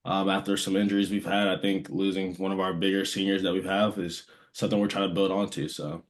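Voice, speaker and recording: A young man, a college basketball player, giving relaxed, plain answers as a podcast guest. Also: sits low, fairly quick. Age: young adult. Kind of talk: casual interview answers.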